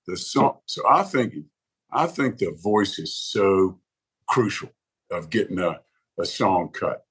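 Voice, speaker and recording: A man's voice: lowish voice, normal speed, slightly rough, low-quality recording. A man, a guest on a podcast, chatting casually and acting out other people's reactions as he tells stories. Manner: animated storyteller who acts out quoted reactions. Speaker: podcast guest, songwriter advocate. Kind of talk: casual interview conversation.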